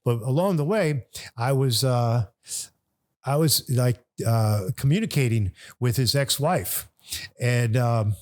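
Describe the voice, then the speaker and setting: A man's voice: mid-range voice, takes it slowly. An older man from New Orleans, a podcast guest, telling a long story in a rambling way, restarting and repeating words as he goes. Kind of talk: casual storytelling. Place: bar.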